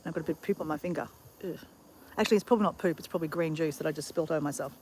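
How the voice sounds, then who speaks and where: A woman's voice: sits low, racing, darkish tone, slight background noise. An Australian woman chatting upbeat to her live-stream viewers from a backyard. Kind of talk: casual live-stream chat. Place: outdoors in a backyard with chickens.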